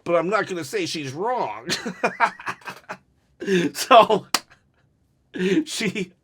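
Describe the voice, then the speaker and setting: Excitable, rambling man reviewing wrestling. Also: high-pitched, drawn-out words, slight background noise. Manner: excitable and rambling, with jokey asides and laughs. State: jittery from caffeine. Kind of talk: casual solo review talk.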